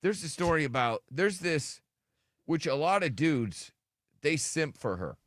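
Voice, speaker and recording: A man's voice: fairly high pitch, very animated, a little slow, fairly bright tone. A man hosting a morning radio show, joking crudely and trading banter with his co-hosts. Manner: crude joking, mock-whiny impressions.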